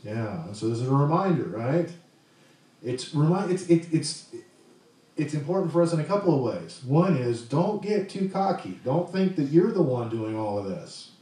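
A man's voice: a little high, very animated, moderate pace, warm tone, distant mic. Preacher man in an echoey hall. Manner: conversational, asks the congregation questions. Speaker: pastor. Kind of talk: sermon.

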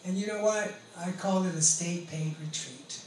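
High-voiced man telling his story. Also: normal speed. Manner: animated, acts out voices of others in his story. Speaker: guest sharing his testimony. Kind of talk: casual storytelling testimony. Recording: echoey room, mic at a distance, faint background noise.

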